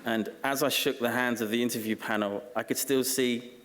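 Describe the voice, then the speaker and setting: A man giving a comic, self-deprecating acceptance speech at a graduation ceremony, dry and halting with ums. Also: medium pitch, fairly even intonation, a bit bright, a little hiss or hum. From Essex, England. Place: large graduation ceremony hall. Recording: long hall reverb.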